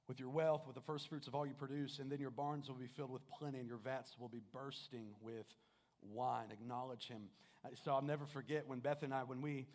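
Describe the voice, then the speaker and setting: A man preaching a sermon as pastor, telling a personal story in an earnest manner, swinging between loud and hushed. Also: mid-range voice. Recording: music playing behind the voice.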